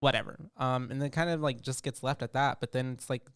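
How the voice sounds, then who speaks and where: A man co-hosting a casual movie recap chat, laid-back and often trailing off into quiet mumbles, with sudden bursts when acting out characters. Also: medium pitch, fairly even intonation, a little fast, smooth, no echo, studio quality. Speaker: podcast co-host.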